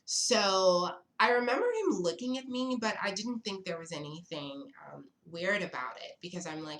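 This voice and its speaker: A woman's voice: lowish voice, lively intonation, moderate pace, hardly any pauses, a bit bright. A young woman from South Africa, telling a story to camera in a chatty, sassy, dramatic way. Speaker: vlogger. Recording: echoey room.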